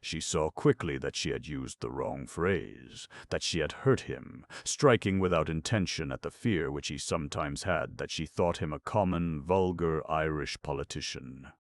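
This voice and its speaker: A man narrating a classic novel as an audiobook, reading in a measured, even way. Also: extremely low pitch, no room sound, studio quality. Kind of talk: scripted literary narration.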